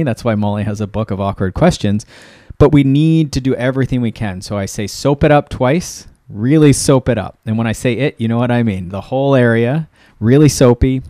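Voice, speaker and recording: A man's voice: medium pitch, warm tone, no room sound, clean studio sound. A man co-hosting a podcast, giving practical coaching advice in a casual way with many "you know" fillers.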